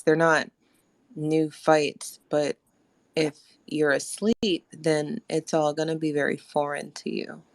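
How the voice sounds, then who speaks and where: A woman with a low, fairly even voice hosts a live audio chat discussion. She talks in a measured, steady way, and the sound is dry and close. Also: no echo. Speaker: host.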